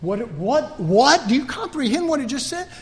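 A man preaching a fervent sermon, swinging between loud outbursts and quiet asides. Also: very high-pitched, big pitch swings, normal speed, in a large hall.

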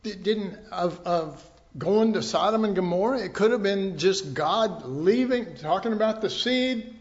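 A man's voice: high-pitched, unhurried, lo-fi sound. A man teaching a sermon in a conversational way, with asides and rhetorical questions to his congregation. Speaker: pastor.

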